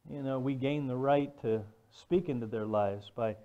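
A man delivers a sermon in a relaxed, storytelling way, pausing with "um" and checking in with "right?". His voice sits in a middle pitch. The recording is a little dull and muffled. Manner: conversational storytelling, frequent "right?" and "um". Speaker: preacher.

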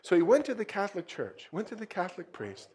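A middle-aged man, a missionary pastor, telling a story in a sermon, lively and swinging into louder bursts. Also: sits high, fast talker, slightly rough.

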